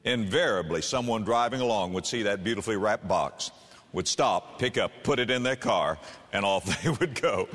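A man preaching a sermon, emphatic and animated, slowing down for scripture and speeding up to press a point. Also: lowish voice, in a large hall.

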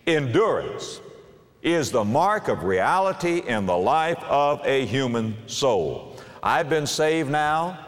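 A man in his fifties delivers a sermon, his pitch rising and falling with lively animation as he tells a folksy parable. His voice rings out with a long reverb, as in a large church hall. He slips in and out of character voices while teaching. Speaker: preacher. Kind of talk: sermon with acted-out story.

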